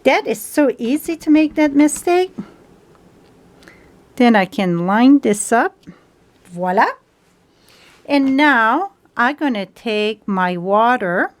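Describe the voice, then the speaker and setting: Slow, chatty woman demonstrating a craft. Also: on the high side, expressive. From France. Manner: chatty, homespun, non-native grammar with fillers. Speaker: stamping craft instructor. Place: home craft table.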